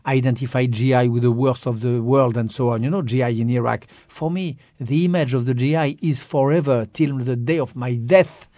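A man's voice: medium pitch, moderate pace, hardly any pauses, dry recording. A man in his fifties speaking with a heavy French accent, guest in an interview. He talks expressively and with emphasis, doubling back on his words. The recording is dry and close, with no room sound around him. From France. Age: 50s. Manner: expressive, emphatic, repeats phrases. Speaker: author and guest. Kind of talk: interview conversation.

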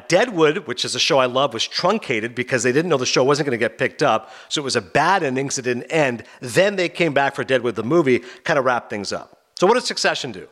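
Male podcast host, rapid and lively, slightly high voice, storyteller energy. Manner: fast, animated storytelling with acted-out quotes. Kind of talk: casual podcast chat.

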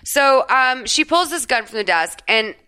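A woman co-hosting a podcast, recapping a film in casual, profane, animated chat. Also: high voice, measured pace, clean tone. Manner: chatty, profane, animated storytelling.

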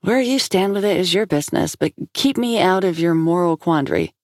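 A woman's voice: fairly low pitch, animated, fairly quick, darkish tone, no echo, studio quality, pitched above the performer's own voice, natural voice. A woman voicing a frustrated young woman who speaks bluntly and heatedly. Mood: firm. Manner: heated, rising voice.

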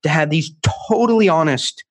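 A man speaking as a guest author in an interview, emphatic and animated, acting out quotes with many restarts. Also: on the high side, normal speed.

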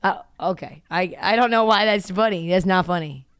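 Hoarse woman hosting a sports podcast. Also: on the low side, moderate pace, no echo, clean studio sound. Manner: chatty, self-mocking, reporter's banter. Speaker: podcast host. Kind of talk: casual sports podcast talk. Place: on location.

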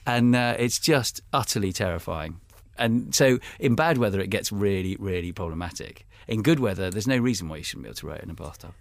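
A man's voice: fairly low pitch, no room sound, clean studio sound. A British man, a guest author, telling a self-mocking, humorous story in a rambling, casual way.

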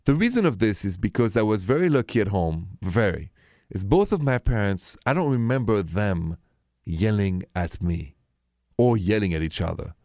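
A man with a French accent hosts a call-in radio show on relationships. He talks in a low, calm, soft-spoken way. The sound is dry and close. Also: normal speed, no echo. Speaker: radio relationship advice host.

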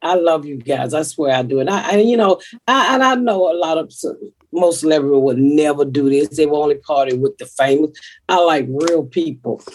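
A woman's voice: sits low, expressive, fairly quick, breathy edge. A woman hosting a podcast, talking in a blunt, profane, rambling way. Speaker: comedian podcast host. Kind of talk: casual podcast chat.

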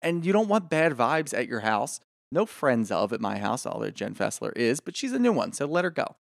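A man co-hosting a casual podcast chat, opinionated and animated, swearing freely. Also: medium pitch, moderate pace, vocal fry, no room sound, studio quality. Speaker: podcast co-host.

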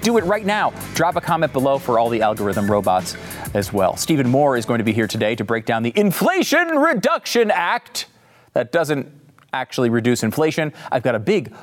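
A man hosting a political commentary show, delivering a sarcastic monologue and now and then jumping into silly voices. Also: a little high.

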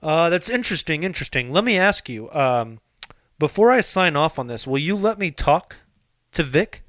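A man playing a cautious team executive on a mock trade call who weighs offers in a hesitant, measured way. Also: a little high, very animated, fairly bright tone, dry recording.

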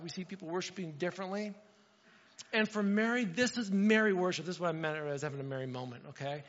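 A male pastor preaching a sermon, animated and talking straight to his congregation, acting out little quotes. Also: sits high. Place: church sanctuary. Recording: dull sound with long hall reverb.

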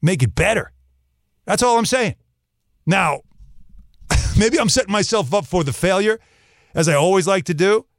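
A man's voice: high-pitched, no room sound, clean studio sound. A man hosting a sports talk show, talking straight to his listeners in an emphatic, opinionated monologue.

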